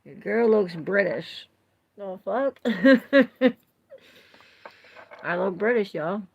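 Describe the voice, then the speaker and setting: Unhurried woman tarot streamer, chatty and quick to laugh, with a low fry in the voice. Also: expressive, darkish tone, highs cut off. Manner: chatty, laughs often, reads viewer comments aloud. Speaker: tarot reader. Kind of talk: casual livestream tarot reading.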